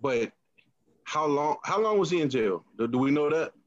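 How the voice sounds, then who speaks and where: A man co-hosting a podcast in casual chat, relaxed and rambling, asking questions. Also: a little high, normal speed, muffled recording. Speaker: podcast co-host.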